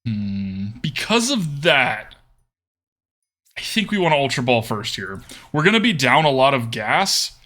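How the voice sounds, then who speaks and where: A man's voice: medium pitch, big pitch swings, measured pace, sharp tone. A man streaming a card game, thinking aloud about his plays and chatting casually with viewers.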